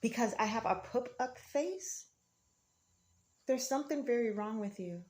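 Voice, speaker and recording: A woman's voice: on the high side, animated, measured pace, a little mellow. A woman speaking in an emotional, rambling monologue, defiant and often repeating herself.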